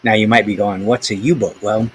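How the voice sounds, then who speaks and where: A lower-voiced male teacher walks students through a history lesson in a relaxed, conversational way, with asides and filler words. Faint noise sits under the recording. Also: a little fast, rough recording.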